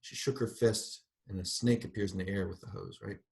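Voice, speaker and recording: Low-voiced man lecturing on literature. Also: fairly even intonation, fairly quick, vocal fry, darkish tone. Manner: thoughtful, digressive explanation. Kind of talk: university lecture with read-aloud passages.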